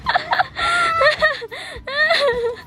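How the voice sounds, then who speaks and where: A woman guest on a vlog who is speaking in short, slow, emotional phrases. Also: extremely high pitch, very noisy. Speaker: vlogger's friend. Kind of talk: casual chat.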